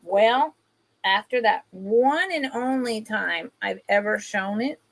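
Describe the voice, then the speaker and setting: A woman's voice: mid-range voice, expressive, takes it slowly, gravelly. A woman hosting a casual live-stream sale, chatting with viewers by name while she shows pieces. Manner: chatty, greets viewers by name, talks while handling items.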